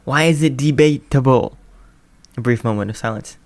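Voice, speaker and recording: A man voicing a loud, showy male radio DJ who hosts with exclamatory energy. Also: medium pitch, normal speed, close to an everyday voice. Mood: hyped.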